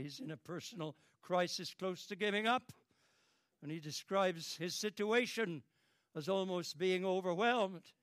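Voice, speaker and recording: A man's voice: a little slow, fairly bright tone, no echo, studio quality. An older British man preaching a fervent sermon, repeating phrases and swelling in emotion. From Britain. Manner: fervent, repetitive, dramatic rises in pitch and volume.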